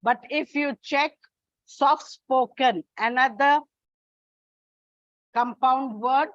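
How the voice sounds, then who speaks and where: A high-pitched woman teaches an English lesson at an unhurried pace, setting out her examples one after another and calling her students children. Her voice sounds close and dry, with a dull, lo-fi quality. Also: no echo. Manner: slow, deliberate, repeats and lists examples. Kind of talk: classroom lecture.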